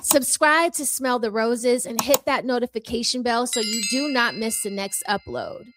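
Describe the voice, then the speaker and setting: A woman hosting her own channel gives an impassioned commentary into a microphone, delivering it in a sassy, emphatic, mock-courtroom style. Her expressive voice sits on the high side at normal speed, against a noisy background.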